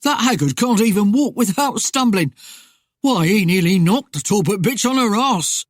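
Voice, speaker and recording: The narrator of a storybook voicing a coarse, laughing male highwayman who mocks others. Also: animated, moderate pace, dry recording, studio quality, lightly acted. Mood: jeering. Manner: jeering, coarse.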